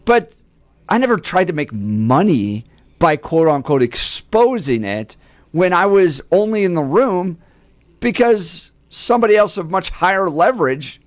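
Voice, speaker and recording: A man co-hosting an opinionated talk radio show, making his case in a measured, reflective way. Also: sits high, big pitch swings, no room sound. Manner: measured, reflective, building his point step by step. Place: radio studio.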